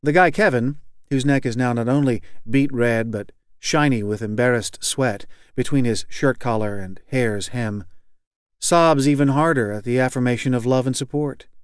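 A man reading a novel aloud as audiobook narrator, in a measured, wry, even delivery. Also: medium pitch, clean tone, no room sound, clean studio sound.

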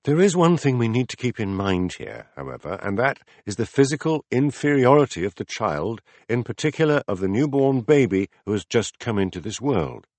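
A man voicing a patient philosopher who explains ideas step by step in a measured, deliberate audiobook reading. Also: mid-range voice, big pitch swings, a little mellow, no echo. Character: calm, patient male teacher explaining ideas. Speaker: philosopher in a dialogue.

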